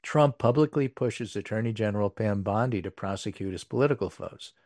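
A man's voice: lowish voice, a little fast, a little mellow, no echo. Male talk host, casual commentary, wry dry delivery, close dead mic. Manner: wry, dry asides with fillers. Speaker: political podcast host. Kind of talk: casual political commentary, reading poll numbers.

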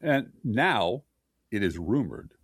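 A man's voice: lowish voice, big pitch swings, slow pace, breathy edge, no echo, clean studio sound. A man co-hosting a podcast, reading news aloud in a sarcastic, mocking casual chat. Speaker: podcast co-host.

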